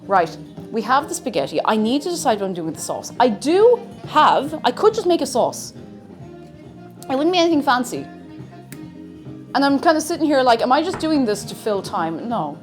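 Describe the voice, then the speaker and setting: A woman's voice: sits high, sing-song, normal speed, soft background music. A woman streaming herself cooking in a home kitchen, chatting casually and mocking herself as she rambles. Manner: rambling, self-mocking, talks to herself and chat. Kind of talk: casual live-stream chat while cooking.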